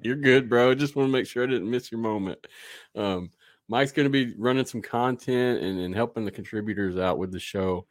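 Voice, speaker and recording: A man's voice: medium pitch, normal speed, no echo, studio quality. A man hosting a live podcast, chatting loosely and rambling with fillers and restarts. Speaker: podcast host. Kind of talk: casual live podcast chat.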